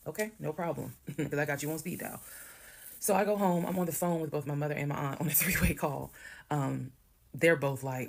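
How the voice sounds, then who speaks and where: Speaking briskly in a deep, gravelly voice, a woman tells a story about her own life. She's conversational and blunt, cursing occasionally as she goes.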